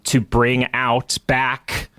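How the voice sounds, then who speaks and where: A man co-hosting a podcast in casual chat, given to dry, deadpan quips. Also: mid-range voice, drawn-out words, clear, resonant tone, dry recording. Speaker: podcast co-host.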